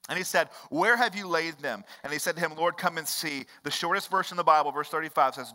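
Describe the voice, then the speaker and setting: Impassioned preacher with a bright voice. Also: male voice, fairly high pitch, brisk, hardly any pauses. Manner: swings from hushed storytelling to impassioned, rising preaching; repetitive rhetorical cadence. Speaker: pastor. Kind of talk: sermon. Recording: long hall reverb.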